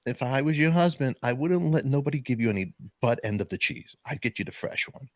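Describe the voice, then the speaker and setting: Animated New man telling stories. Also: medium pitch, brisk, no room sound. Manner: animated, acts out both sides of his stories. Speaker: podcast host. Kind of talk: casual storytelling chat.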